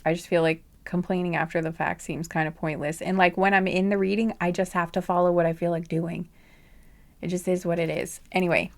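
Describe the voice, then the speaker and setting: A woman's voice: lowish voice, little pitch movement, a little fast. Brief: woman tarot reader, casual rambling chat, sassy asides, frequent laughs, occasional whispers. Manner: drops to whispers at times. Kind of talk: casual chatty monologue.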